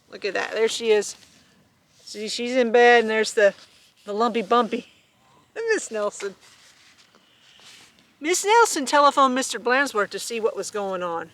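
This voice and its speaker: A woman reading a children's storybook aloud, animated and chuckling with asides. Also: medium pitch, unhurried, long pauses. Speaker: storybook reader.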